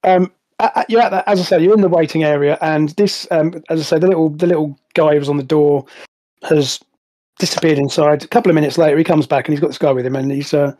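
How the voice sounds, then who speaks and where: A man's voice: on the high side, steady tone, fast talker, dark tone. A man narrating as game master of a tabletop game over a voice call, rambling and restarting often. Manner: rambling, many restarts and fillers. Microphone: voice call headset.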